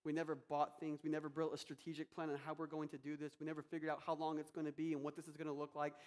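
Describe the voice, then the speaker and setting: A man's voice: fairly high pitch, darkish tone. A male pastor preaching a sermon with energy, acting out quotes and prayers.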